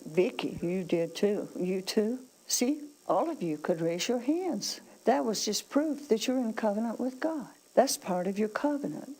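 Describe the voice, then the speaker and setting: A woman preaches a sermon in a mid-range, dark-toned voice, and the recording is rough. She calls out to the congregation asking for amens and reads scripture aloud with emphasis.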